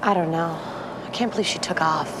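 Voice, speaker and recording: A woman's voice: sits low, fairly quick, noisy background, lightly acted. An actress playing an earnest, caring young woman in a scripted drama. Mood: worried.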